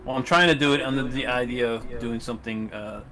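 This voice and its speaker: A man's voice: medium pitch, fairly even intonation, a little fast, pushed and bright. A man playing a tabletop game, talking in a hesitant, rambling way. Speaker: player. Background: background music.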